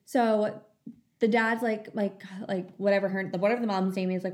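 A woman's voice: mid-range voice, level tone, fairly quick. A young woman telling a long story in casual chat, full of fillers. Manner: chatty storytelling, many fillers.

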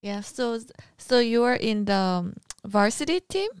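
A woman listens and reacts in a voice that swings widely up and down, pitched a little high. She speaks slowly in short responses, recorded dry and close. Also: animated, clean tone, no room sound. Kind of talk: casual conversation.

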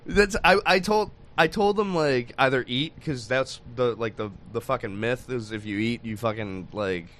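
A man's voice: medium pitch, normal speed, few pauses, a bit bright, slight background noise. A man hosting a podcast, telling a rowdy story in casual chat, swearing often and laughing as he goes. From Michigan. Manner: profane, laughs mid-story. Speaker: podcast host.

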